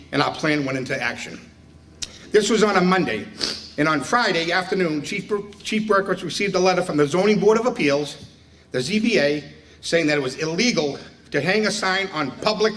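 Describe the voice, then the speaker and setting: A man's voice: a little high, fairly bright tone. A man giving a speech at a retirement dinner, telling stories and acting out quoted dialogue. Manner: storytelling, joking, acts out quoted dialogue. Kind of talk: speech with anecdotes. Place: banquet room. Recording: distant mic with faint room noise.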